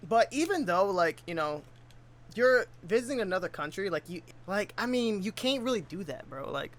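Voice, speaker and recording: A man's voice: sits high, lively intonation, normal speed, fairly bright tone. A man giving casual reaction commentary on a video, full of laid-back slang.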